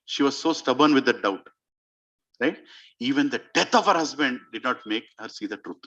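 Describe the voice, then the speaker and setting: A man's voice: medium pitch, animated, normal speed, bright, forceful tone, highs cut off. A man telling a devotional story as a sermon to an audience in a community clubhouse. He speaks emphatically and keeps putting questions to his listeners. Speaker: spiritual speaker.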